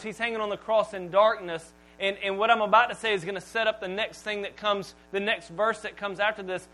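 A man preaches to his congregation in a high, bright-pitched voice. He draws words out slowly, falls almost to a whisper, then bursts out loud. A faint electrical hum runs beneath the recording. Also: low-quality recording. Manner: dramatic pauses, drops to near-whisper, then booms. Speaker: pastor. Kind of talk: sermon.

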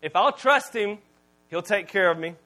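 A pastor with a notably high voice delivers a sermon in a relaxed, conversational way. He tells stories and swings from loud, punchy lines down to quiet asides. He sounds like a man in his thirties. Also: moderate pace. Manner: conversational, storytelling preacher with swings in volume.

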